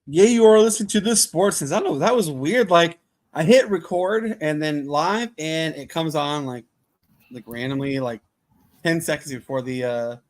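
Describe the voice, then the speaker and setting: A man co-hosting a casual sports podcast, loose and excitable, full of fillers and restarts. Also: on the high side, moderate pace. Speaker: podcast co-host.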